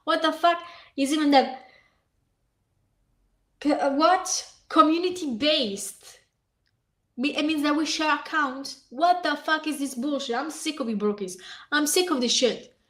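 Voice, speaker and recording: High-pitched woman ranting angrily. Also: unhurried, fairly bright tone. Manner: heated, profane, ranting while reading aloud. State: hoarse. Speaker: vlogger. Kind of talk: angry reaction rant.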